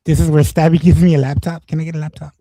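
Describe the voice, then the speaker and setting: A man's voice: fairly high pitch, level tone, rapid-fire, warm tone, no room sound, poor audio. A man in his forties from East Los Angeles, telling stories in casual streamer chat, rambling and swearing, with many restarts.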